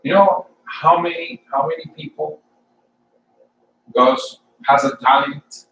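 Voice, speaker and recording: A man's voice: on the high side, a bit bright, distant mic. Man, church sermon testimony, repeats his words, roomy echo, faint room hum. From Colombia. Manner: halting, repeats words, plain storytelling. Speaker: church speaker.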